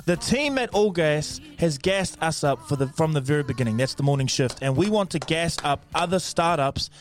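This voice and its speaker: A man with a New Zealand accent co-hosting a casual show, laid-back and quick to laugh, often tagging lines with "eh". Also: a little high, lively intonation. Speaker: podcast co-host. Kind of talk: casual banter.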